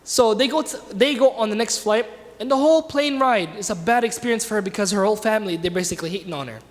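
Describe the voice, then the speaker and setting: Guy with a pretty high voice teaching a class at the mosque, chatty, asks the room questions, lots of echo. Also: quick pace. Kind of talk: religious lesson with storytelling. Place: mosque hall. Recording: reverberant hall.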